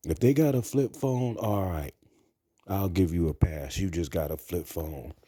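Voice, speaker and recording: A man's voice: low voice, unhurried, mellow, breathy edge, dry recording, studio quality. A man talking to camera in a blunt, crude, rambling monologue. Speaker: vlogger. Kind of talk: casual monologue.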